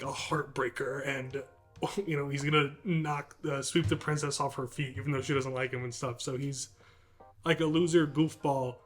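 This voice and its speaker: Male podcast co-host, casual and rambling, eager, mid voice, soft music bed. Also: medium pitch. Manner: rambling and enthusiastic, with lots of fillers. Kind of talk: casual chat.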